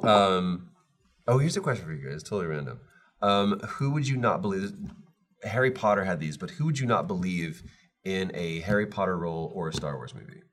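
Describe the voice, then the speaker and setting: A man's voice: sits low, brisk. A man co-hosting a casual podcast chat, ranting playfully and laughing often. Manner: animated, laughing, jokey rants. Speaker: podcast co-host.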